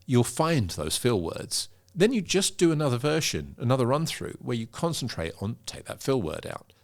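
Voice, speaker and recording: A middle-aged man, a pitch coach, explaining in an interview and demonstrating vocal emphasis. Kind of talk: interview conversation.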